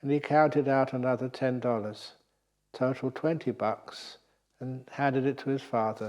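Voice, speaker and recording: A Buddhist monk teacher gives a dharma talk at a meditation retreat, telling stories in a lively way and chuckling at his own jokes. His voice is medium-pitched and unhurried.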